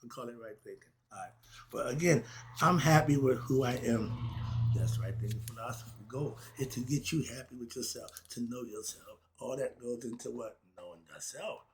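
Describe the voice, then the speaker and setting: A man's voice: medium pitch, normal speed, slight background noise. A man giving a casual spoken lecture on self-knowledge and happiness, in a preachy way that asks questions and answers them himself. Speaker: self-help philosophy talk host.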